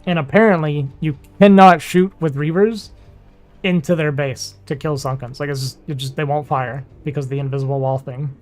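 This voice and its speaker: A man's voice: a little high, fairly even intonation, normal speed, darkish tone. A man with a slightly raised voice chatting casually about games. He laughs often and drifts into fillers as he talks. Faint music plays behind him. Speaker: streamer and game player. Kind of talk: casual chat.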